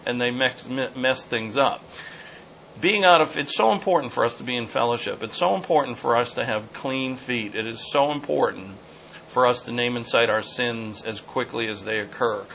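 A man's voice: medium pitch, normal speed, creaky, fairly bright tone. A man in the middle of his range delivers an expository sermon, earnest and repetitive, often circling back and searching for the right word. The recording is muffled and lo-fi, with a faint hiss underneath. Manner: earnest, repetitive, searching for words mid-sentence. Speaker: pastor. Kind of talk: expository Bible teaching. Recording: dull lo-fi sound with faint noise.

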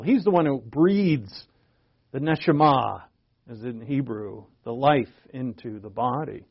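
A man in his fifties preaching a conversational Bible sermon, asking rhetorical questions and often restarting his sentences. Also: fairly high pitch. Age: 50s. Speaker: pastor. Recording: dull lo-fi recording.

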